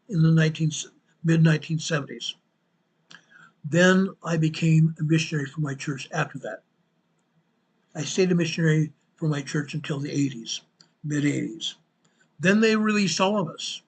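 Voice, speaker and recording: Husky older man, earnest and folksy. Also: on the high side. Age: 60s. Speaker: show host and Sunday school teacher. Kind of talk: sign-off talk with scripture reading.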